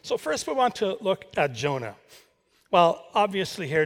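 A man's voice: high-pitched, big pitch swings, moderate pace. A man preaching a sermon, reading scripture and wandering into chatty asides with self-corrections. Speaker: pastor. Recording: reverberant hall.

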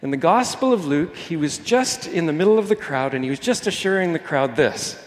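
A man's voice: high-pitched, big pitch swings, brisk, few pauses. A man preaching a Sunday sermon in a church, talking conversationally with jokey asides and restarts. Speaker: pastor. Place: church hall during a Sunday morning service. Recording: long hall reverb.

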